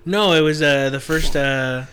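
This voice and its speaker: Man, podcast host, casual chat, joking, slightly higher voice. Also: measured pace, fairly bright tone, slight background noise. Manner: joking, laughs often.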